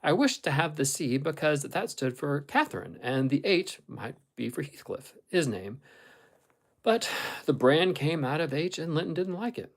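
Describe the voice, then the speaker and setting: Male audiobook reader, steady and measured, for a classic novel. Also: a little high, vocal fry, rough recording.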